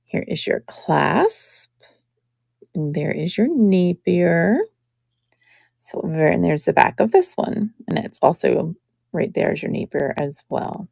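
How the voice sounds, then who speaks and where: Slow-talking woman with a gravelly edge. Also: lowish voice, lively intonation, dark tone, dry recording, studio quality. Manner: chatty, admiring, unhurried. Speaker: live jewelry seller. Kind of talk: live-stream sales chat.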